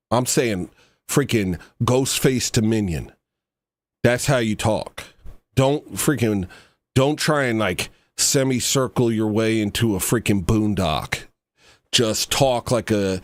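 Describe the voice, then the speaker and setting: Low, dry-voiced man ranting on a stream. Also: no room sound. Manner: rambling, mock-serious, trails off into asides. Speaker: livestream host reacting to a video. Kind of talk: rambling satirical livestream commentary.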